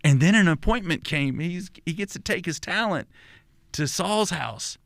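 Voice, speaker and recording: A man's voice: high voice, animated, moderate pace, vocal fry, fairly bright tone, no room sound. An older man with a Texan accent, a pastor and podcast guest, telling his story in an earnest, reflective way, with many restarts and repeated words. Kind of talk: conversational storytelling.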